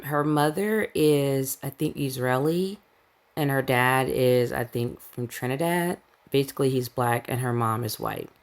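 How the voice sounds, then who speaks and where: Speaking with a very deep voice and vocal fry, a woman runs a celebrity gossip channel. In casual commentary, she reads quotes from the news and interrupts them with sarcastic remarks.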